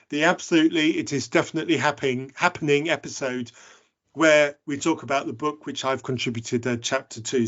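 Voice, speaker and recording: A man's voice: a little high, highs cut off. A man hosting a podcast, interviewing a guest in a playful, enthusiastic way. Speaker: podcast host.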